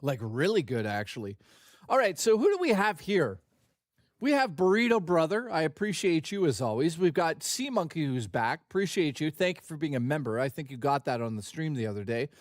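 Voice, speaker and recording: A man's voice: fairly high pitch, big pitch swings, a little fast, no room sound, clean studio sound. A man casually chatting and joking on his live stream, loose and profane.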